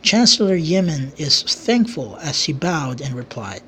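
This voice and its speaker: A narrator reading a homemade fantasy story slowly, with halting restarts, and doing all the characters' voices. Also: medium pitch, animated, slight background noise.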